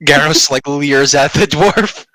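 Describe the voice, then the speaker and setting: Slow, gravelly deadpan male player. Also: mid-range voice. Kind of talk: casual tabletop chat.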